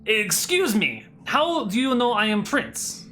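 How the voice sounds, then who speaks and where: Haughty young prince, voiced by a game master, raised high, halting broken grammar, bright tone. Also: sing-song, faint music behind.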